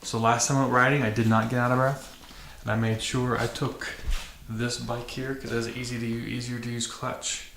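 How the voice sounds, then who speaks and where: A man's voice: medium pitch, flat delivery, a little fast, hardly any pauses, a bit bright. A man hosting a dirt bike vlog, talking casually to camera with many fillers and restarts in a matter-of-fact way. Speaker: channel host. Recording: echoey room with faint noise.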